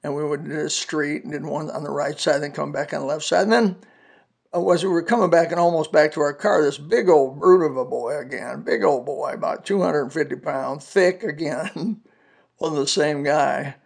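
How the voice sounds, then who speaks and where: A man's voice: fairly high pitch, normal speed, gravelly. A man in his seventies telling a personal testimony on a podcast, earnest and folksy, weaving in scripture quotes. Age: 70s. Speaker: podcast preacher.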